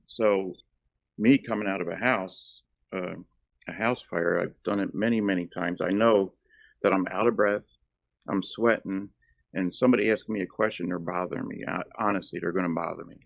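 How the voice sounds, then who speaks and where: A man's voice: sits low, steady tone, moderate pace, creaky, no room sound. A middle-aged man from South Jersey, an actor and former firefighter, talking as an interview guest with many ums and uhs. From South Jersey, USA. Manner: rambling, lots of ums and uhs. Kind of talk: casual interview chat.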